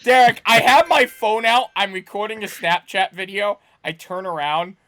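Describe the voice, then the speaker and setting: A man co-hosting a podcast, telling a long anecdote in a rambling, animated way with many restarts. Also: high-pitched, moderate pace. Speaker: podcast co-host. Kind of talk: casual storytelling chat.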